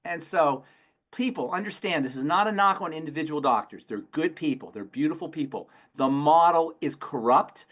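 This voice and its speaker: This pharmacist on a health call-in show speaks on the high side at a moderate pace, his intonation lively and tone a bit bright. He's emphatic, circles back on phrases for stress, and shares folksy tales.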